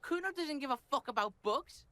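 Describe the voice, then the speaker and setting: A man's voice: very high-pitched, animated, fairly quick, bright, forceful tone, a little hiss or hum, voice pushed up, exaggerated voice. A man voicing a crude, cocky boy in a game playthrough who talks about himself in the third person. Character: foul-mouthed scrappy boy.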